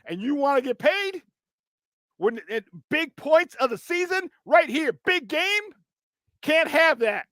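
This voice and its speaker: A man hosting a sports talk show, ranting bluntly and profanely with a voice strained from yelling. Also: very high-pitched, animated, measured pace, no room sound, studio quality. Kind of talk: sports talk radio rant.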